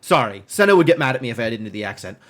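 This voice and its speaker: A man's voice: mid-range voice, very animated, rapid-fire. A man streaming a game live, thinking aloud in casual, rambling commentary full of "like" and puzzled questions to himself.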